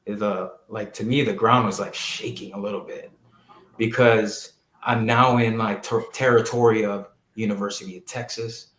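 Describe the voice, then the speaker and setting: Animated storytelling man in a roomy space. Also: on the low side, normal speed. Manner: animated storyteller who acts out quoted people. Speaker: football coach and podcast guest. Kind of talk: storytelling in a casual interview. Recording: roomy echo.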